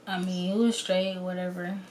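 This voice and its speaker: A woman's voice: flat delivery, normal speed, darkish tone, a little hiss or hum, natural voice. A woman mimicking a mumbling, dismissive young man. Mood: dismissive mumble. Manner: low, mumbled and offhand.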